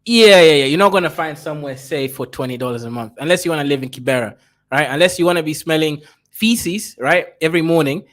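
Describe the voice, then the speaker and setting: A man reacting to a clip in a loose, blunt way, peppering his points with a quick tag question. His voice sits a bit high for a man, and he swears freely as he corrects what he hears. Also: fairly bright tone. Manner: blunt and crude, keeps asking "right?". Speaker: video reaction commentator. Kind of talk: casual reaction commentary.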